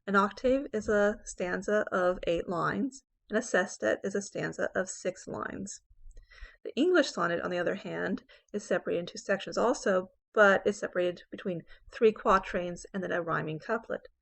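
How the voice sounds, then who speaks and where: A woman's voice: mid-range voice, normal speed, gravelly. A woman English professor giving a recorded poetry lecture, explaining step by step and often saying "okay" between points.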